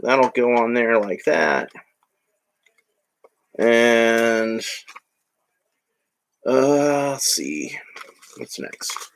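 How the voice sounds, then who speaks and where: A man's voice: mid-range voice, lively intonation, drawn-out words, pauses often. A man narrating a toy build in a casual, rambling way with joking asides. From United States. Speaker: hobby vlogger.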